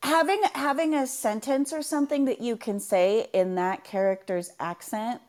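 A woman in casual chat about running tabletop games. She talks in an animated, playful way and slips into silly voices. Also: fairly high pitch, normal speed. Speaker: tabletop game master, podcast panelist.

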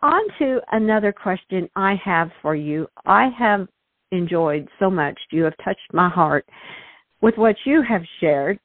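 A woman's voice: lowish voice, expressive, unhurried, no room sound. A woman hosting a podcast interview, effusive and emotional, often restarting her sentences. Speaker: host. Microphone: call. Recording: tinny phone line.

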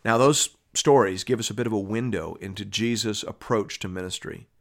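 A man's voice: on the low side, brisk, creaky. A man who pastors and teaches the Bible on a radio program. He reads scripture and explains it in a conversational way, often checking in with "right?" and restarting phrases. He lifts his voice sharply when he presses a point.

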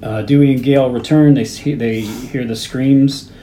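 A man co-hosting a podcast, walking through a film's plot step by step with casual pauses. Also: mid-range voice, fairly even intonation, dark tone. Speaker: podcast co-host. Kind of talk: casual chat, recapping a film. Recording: echoey room, faint background noise.

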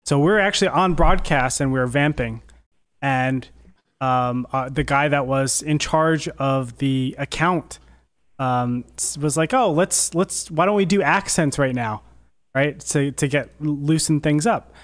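A man's voice: fairly high pitch, unhurried. A man who works in esports broadcasting, telling an anecdote in a casual chat. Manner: anecdotal, animated.

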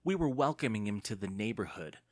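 A man's voice: on the low side, expressive, fairly quick, dry recording, clean studio sound. A man doing sneering teenage bullies. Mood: mocking. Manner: sneering, mocking. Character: big mocking teenage bully boys.

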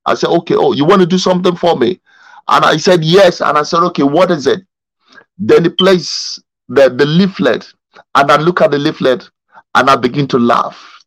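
A male pastor leading a Bible study over a video call, telling a story in an animated way and often stumbling over and repeating his words. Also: fairly high pitch, normal speed, no room sound, poor audio.

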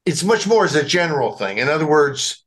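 A man's voice: a little high, sing-song, a little fast, fairly bright tone. A man with a slight Southern US accent co-hosting a casual political chat, rambling and restarting his phrases as he argues. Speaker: podcast co-host.

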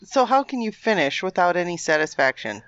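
A woman's voice: on the low side, sing-song, a little fast, a bit bright, clean tone, dry recording, muffled recording. A woman co-hosting a comedy podcast, reacting with exclamations and teasing. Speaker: podcast co-host.

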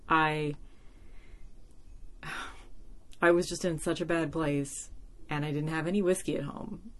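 A woman's voice: deep voice, fairly even intonation, takes it slowly. A young woman hosting a solo podcast, talking casually and emotionally with many fillers, close to tears. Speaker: podcast host.

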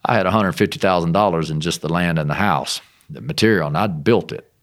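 A middle-aged American man, a missionary guest, telling a personal story in a casual, animated way with self-deprecating humor. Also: low-pitched, brisk. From United States.

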